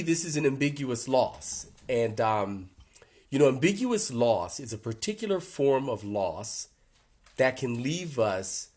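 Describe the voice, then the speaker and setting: An older man speaking earnestly to a support group in a reflective workshop talk, gently emotional, with pauses. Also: medium pitch.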